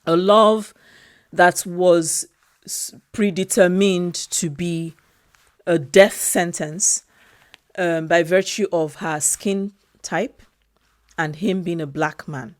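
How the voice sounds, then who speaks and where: Woman, film review vlog, slow unhurried delivery, dry close sound, heartfelt. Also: fairly low pitch, steady tone, dry recording. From Europe. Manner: slow, emotional, repeats phrases.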